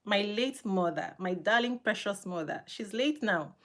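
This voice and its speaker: A middle-aged woman speaking as an interview guest, talking emphatically and laughing often, with her voice jumping high when she gets animated. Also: measured pace. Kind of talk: emphatic casual interview talk.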